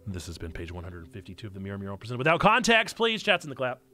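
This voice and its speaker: Over faint music, a man hosts a casual live stream in a lowish voice that races along, pushed and bright, with wildly swooping pitch. A streamer and church community host, he reads aloud, chats playfully with viewers, pokes fun at himself, and tosses chatty asides to chat.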